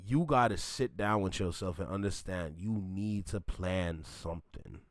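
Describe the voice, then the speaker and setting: A man's voice: low-pitched, a little slow, dry recording, studio quality. A man from Toronto hosting a reaction video, ranting bluntly and repeating his points for emphasis. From Toronto, Canada.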